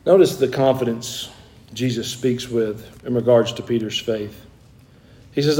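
A man's voice: mid-range voice, a little slow, mellow. A man preaching a sermon in an earnest, emphatic way, restarting phrases and pressing key points. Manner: earnest, emphatic, with frequent restarts and rising stresses.

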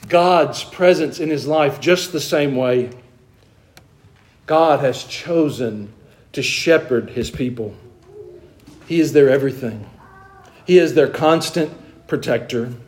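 A man from the American South preaching to his congregation in a church. His voice sits a little higher than most men's. He preaches with earnest, shifting emphasis and puts questions to the crowd. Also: darkish tone. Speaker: pastor. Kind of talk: sermon.

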